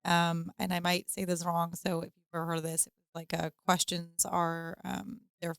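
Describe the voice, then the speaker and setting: A woman's voice: lowish voice, completely flat delivery, moderate pace, vocal fry, a bit bright, clean tone, dry recording, clean studio sound. A woman co-hosting a casual podcast chat about parenting, rambling with many fillers. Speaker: podcast co-host.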